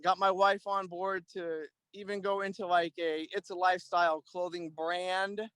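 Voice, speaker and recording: A man's voice: high-pitched, normal speed, smooth, no room sound. A man in his thirties, a guest and Army veteran, talking casually in an interview with frequent fillers and restarts. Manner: relaxed, rambling, many "um"s and restarts. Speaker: guest, Army veteran and clothing-line owner.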